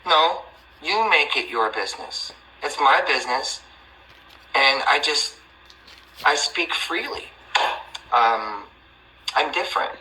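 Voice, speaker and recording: A man's voice: on the high side, animated, takes it slowly, long pauses, bright, forceful tone, slight background noise, poor audio. A man hosting a livestream, talking in a rambling, defensive way with many restarts. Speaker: livestream host. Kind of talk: casual livestream chat.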